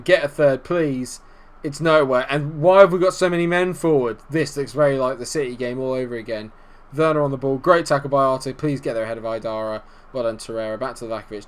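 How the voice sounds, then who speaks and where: A young man commentating on his own football management game, swinging from low muttering to shouted celebration. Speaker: gaming YouTuber. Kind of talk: excitable gameplay commentary.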